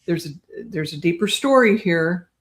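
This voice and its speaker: An older woman, a guest on an interview show, chatting in a lively way and often checking in with "right?". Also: on the low side, normal speed, a little hiss or hum. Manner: chatty, animated, tags lines with "right?". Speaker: guest psychic medium. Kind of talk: casual storytelling interview.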